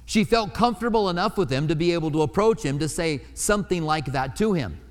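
A man's voice: on the high side, lively intonation, brisk, big-room sound. A man preaching a sermon in a conversational way, acting out the quoted lines in different voices. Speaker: pastor.

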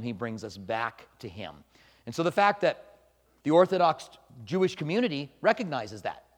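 A pastor teaching a Bible study in a conversational sermon style, moving between quiet reflection and emphatic points. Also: male voice, mid-range voice. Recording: long hall reverb.

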